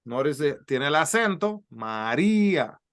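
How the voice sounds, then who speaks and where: Slow, high-voiced man teaching Spanish. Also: lively intonation, fairly bright tone. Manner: slow, carefully sounds out letters and words for repetition. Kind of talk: classroom language lesson.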